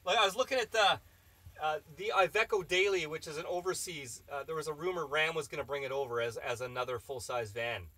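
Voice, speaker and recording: A man's voice: a little high, fairly quick, sharp tone, no room sound. A man hosting a live stream, reading chat questions and rambling through opinionated casual answers.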